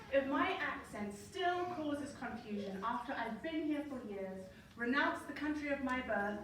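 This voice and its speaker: A woman in her thirties from Zimbabwe with a Zimbabwean accent, telling a story on stage in a wry, playful way. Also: high voice. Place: large hall. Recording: distant, echoey hall, faint hum.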